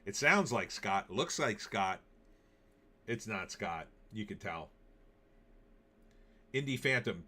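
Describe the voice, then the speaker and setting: A man's voice: on the low side, animated, takes it slowly, pauses often, pushed and bright. A male host doing casual commentary in a sarcastic, rambling way. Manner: sarcastic, rambling, with frequent fillers. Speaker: show host. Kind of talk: casual political and movie commentary.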